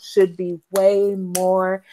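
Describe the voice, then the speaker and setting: A woman co-hosting a casual live movie review, talking in an animated, emphatic and opinionated way. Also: mid-range voice, very slow, slight background noise. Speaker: podcast co-host.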